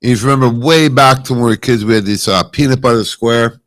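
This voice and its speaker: A man co-hosting a live promotional show at a wellness store event, pitching products in an upbeat, salesy way. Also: fast, fairly bright tone, dry recording, poor audio. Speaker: co-host.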